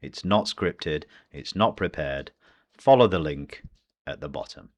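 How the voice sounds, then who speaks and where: Deep-voiced British English teacher. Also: male voice, animated. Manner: slow, deliberate modelling of phrases. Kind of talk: pronunciation lesson.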